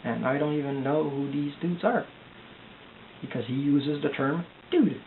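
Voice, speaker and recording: A distressed young man from Quebec, rambling anxiously in a confessional video diary, halting and repeating himself. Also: a little high. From Quebec, Canada. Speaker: vlogger. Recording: tinny lo-fi audio with hiss.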